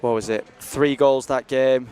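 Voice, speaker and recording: A man's voice: medium pitch, steady tone, a little slow, warm tone, smooth. A young man commentating live on a university ice hockey stream, chatty and jokey as he rambles between games.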